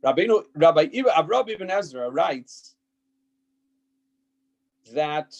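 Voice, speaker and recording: A rabbi teaching a Torah text class speaks slowly in a slightly high, expressive voice, captured on a muffled recording. He reads passages aloud and explains them emphatically, with frequent fillers and restarts, and checks whether listeners can hear him.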